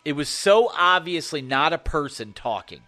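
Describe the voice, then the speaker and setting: Animated man narrating a horror story. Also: a little high, normal speed.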